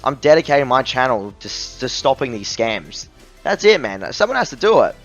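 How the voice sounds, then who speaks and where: A man's voice: mid-range voice, sing-song, a little fast, highs cut off, soft background music. A man reviewing a phone app in a voice-over, ranting angrily and scornfully about being ripped off. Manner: angry, exasperated, scornful ranting.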